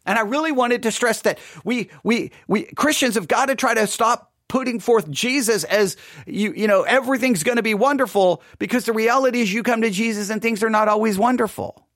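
Man preacher, high voice, dry close sound, earnest retelling of his sermon with restarts. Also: fairly quick, a bit bright, no room sound. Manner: earnest, emphatic, with frequent restarts. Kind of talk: recounting a funeral sermon.

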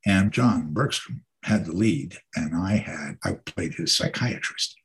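An older man, an actor, telling casual anecdotes about his stage career in an animated way. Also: sits low, measured pace. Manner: animated anecdotes, mimics the people he quotes. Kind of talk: casual conversational storytelling.

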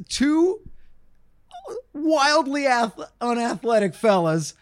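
A man's voice: extremely high pitch, slow, no room sound. A man, co-hosting a podcast, telling stories animatedly and acting out what people said. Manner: animated storyteller, acts out quotes, swears freely. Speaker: co-host. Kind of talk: casual podcast chat.

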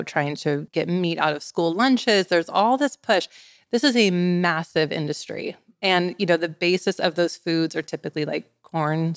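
A woman in her forties, appearing as a wellness expert guest, tells animated stories in a casual podcast chat, dropping "like" constantly. Her voice sits on the low side and is smooth, and the recording is dry and studio quality.

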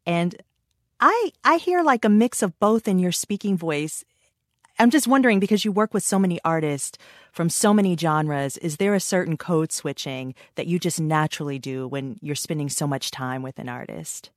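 A woman's voice: fairly low pitch, normal speed, no echo, studio quality. A woman hosting an interview, asking curious, conversational questions. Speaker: interviewer, host.

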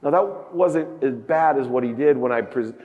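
A man in his fifties giving a motivational keynote speech on a conference stage, telling a personal story with big emotional swings in pitch and loudness. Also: moderate pace, lo-fi sound. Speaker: keynote speaker. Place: large conference hall stage. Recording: echoey conference hall.

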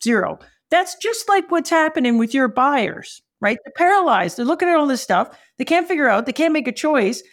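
Animated woman with a gravelly edge. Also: high-pitched, brisk, hardly any pauses. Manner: animated, acts out dialogue in exaggerated voices; casual and profane, frequent "like". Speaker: marketing speaker. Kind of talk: humorous storytelling talk. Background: audience laughter.

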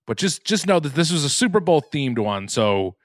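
A man's voice: on the high side, sing-song, normal speed, no room sound, studio quality. A man co-hosting a podcast, joking around and reading listener mail in a casual chat. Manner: jokey, reads listener mail aloud. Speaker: podcast co-host.

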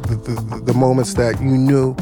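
A man telling a personal story in a casual, animated way, swearing now and then and acting out what people said. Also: medium pitch, normal speed, gravelly, music in the background. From United States. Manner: animated, swears, acts out quotes. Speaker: guest storyteller.

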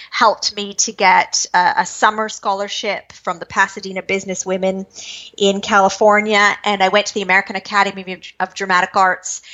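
Bright-voiced woman telling her story. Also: medium pitch. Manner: lively, quick-moving storyteller who acts out her own past thoughts. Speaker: guest, spiritual medium. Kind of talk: personal storytelling interview. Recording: dull lo-fi recording.

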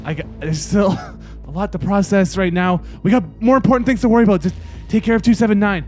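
A man's voice: high voice, brisk, darkish tone, soft background music. A man playing a tabletop game, describing his character's moves in a bemused way. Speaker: player.

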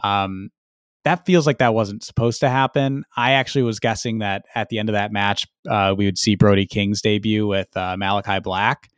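A man co-hosting a podcast, relaxed in casual chat and leaning on strong adjectives for emphasis. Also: lowish voice, normal speed, smooth, dry recording, studio quality. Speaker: podcast co-host.

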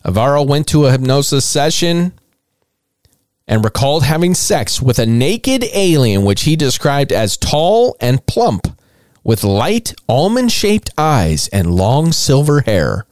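A man hosting a comedy podcast, talking in a lively, swooping voice with irreverent, mocking asides and plenty of swearing. The sound is dry and close, with no room around it. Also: mid-range voice, measured pace, no room sound. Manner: irreverent, mocking, swears often, laughs at own material. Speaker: podcast host.

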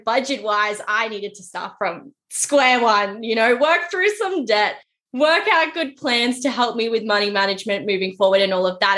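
A woman's voice: mid-range voice, fairly bright tone. A woman hosting a casual podcast interview, chatty and hedging, filling her talk with "sort of" and "you know". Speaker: podcast host.

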